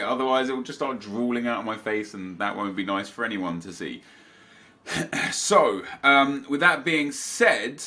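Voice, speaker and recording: A young man hosts his gaming channel, chatting casually from his home office. His voice is bright and forward, with a slightly stuffy nose. He rambles, restarts sentences and wanders into asides. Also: medium pitch. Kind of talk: casual chat to camera.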